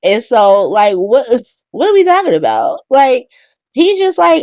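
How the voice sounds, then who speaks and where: A woman hosting a casual soap opera recap, talking in an animated, profane way with laughing asides. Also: on the high side, normal speed, no echo, clean studio sound.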